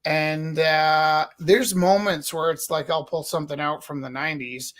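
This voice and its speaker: A man's voice: a little high, fairly even intonation, unhurried, a bit bright. A man in his fifties, an artist auctioning his own paintings in a rambling, self-deprecating, jokey way. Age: 50s. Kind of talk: casual live-stream chat. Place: art studio, indoors.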